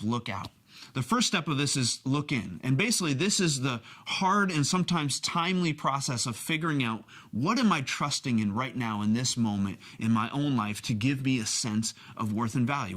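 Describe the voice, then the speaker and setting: Man, mid-pitched, earnest church teacher, personal and plain-spoken. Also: fairly bright tone. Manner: earnest, personal examples from his own marriage. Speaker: pastor teaching on discipleship. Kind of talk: teaching talk.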